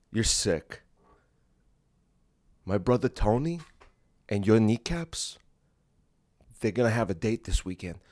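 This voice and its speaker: Low-voiced mob enforcer, slow and quietly threatening, as a podcaster puts him on. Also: male voice, dry recording, clean studio sound, close to an everyday voice. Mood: taunting. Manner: slow, drawn-out menacing delivery. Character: menacing Italian-American mobster man threatening kneecaps.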